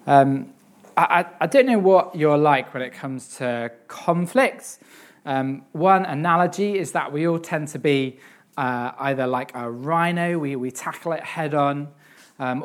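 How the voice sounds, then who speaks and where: A young man giving a sermon on a psalm, reading scripture earnestly and then talking it through with many pauses, fillers and repeated words. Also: fairly high pitch. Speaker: preacher.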